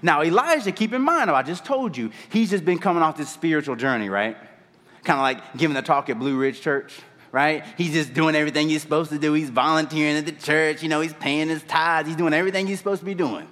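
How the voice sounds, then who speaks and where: Guy preaching in church, chatty storyteller, kinda high voice, lots of hall echo. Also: quick pace. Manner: animated, conversational storytelling. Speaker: pastor. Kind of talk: sermon.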